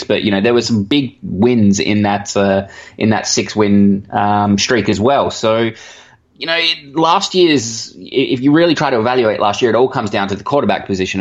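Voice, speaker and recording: A man with an Australian accent, answering interview questions as a guest analyst in a measured way with many ums. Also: on the low side. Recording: dull remote line.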